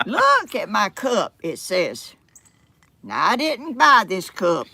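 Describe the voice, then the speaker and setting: Talking to the camera at home near her yard, this older Georgia vlogger has a Southern accent and a folksy, meandering style full of exclamations. Her mid-range voice swoops wildly in pitch and moves slowly, with vocal fry and a sharp, slightly rough edge. There's no room echo on the recording.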